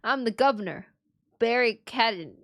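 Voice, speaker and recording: A woman's voice: fairly high pitch, lively intonation, moderate pace, no room sound, natural voice. A woman voicing a hostile male prison governor with a put-on Scottish accent and a brusque, threatening manner. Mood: gruff.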